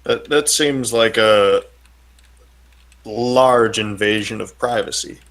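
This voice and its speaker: A man's voice: fairly low pitch, slow, gravelly, a bit bright. A man playing his character in a tabletop game, formal and polite in character. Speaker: player.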